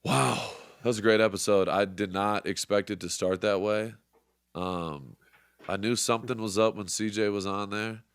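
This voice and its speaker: Young male podcast host, low smooth voice, hyped and profane, dry close sound. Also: steady tone, normal speed, dry recording. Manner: fired-up, profane, motivational. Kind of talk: casual sports podcast chat.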